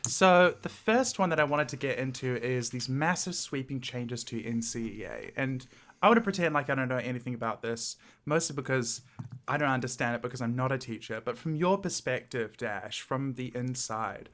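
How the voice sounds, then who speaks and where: Joking New podcast co-host. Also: male voice, medium pitch, fairly bright tone. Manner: joking, laughs often, quick bursts. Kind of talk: casual comedic chat.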